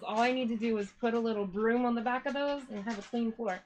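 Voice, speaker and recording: A woman's voice: on the high side, fairly even intonation, quick pace, few pauses, a little mellow, poor audio. A woman hosting a yarn-dyeing live stream, chatting casually, greeting viewers one by one and a little out of breath. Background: a dog whining now and then.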